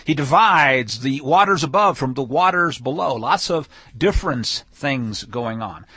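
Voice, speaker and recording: A man's voice: mid-range voice, expressive, a little slow, bright, forceful tone, slightly rough, no room sound. A man giving a conversational weekly scripture teaching, explaining verses with frequent fillers and restarts. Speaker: Bible teacher. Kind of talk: weekly Torah portion teaching.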